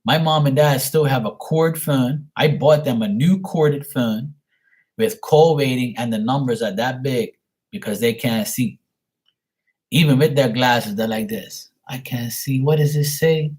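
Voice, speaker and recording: A man's voice: medium pitch, measured pace, darkish tone. A man in his forties chatting casually as a stream host, rambling through stories with plenty of swearing. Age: 40s. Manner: rambling, profane, storytelling. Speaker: stream host answering paid questions. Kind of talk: casual chat.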